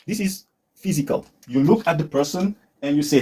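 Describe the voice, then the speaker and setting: A man teaching English on a live stream, patient, repeating words slowly and mixing in Turkish for his learners. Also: on the high side, very animated, darkish tone, husky. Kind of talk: live-stream language lesson.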